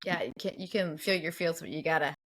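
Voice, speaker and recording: A woman's voice: low-pitched, fast talker, a bit bright. A woman hosting a casual interview, chatty and full of "like" and "you know". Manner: chatty, many "like" fillers. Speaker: podcast host.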